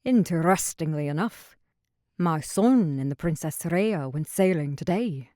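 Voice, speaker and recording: A woman's voice: low-pitched, expressive, measured pace, mellow, dry recording, studio quality. A woman doing a scheming pirate captain. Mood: sly. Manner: cool, with twisted humor. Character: scheming middle-aged male pirate captain, menacing.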